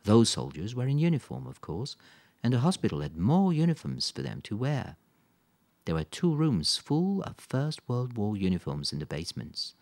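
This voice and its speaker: A man reading aloud, voicing a calm father who explains things steadily. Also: mid-range voice, normal speed, dry recording, pitched above the performer's own voice. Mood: explaining. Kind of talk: audiobook character voice.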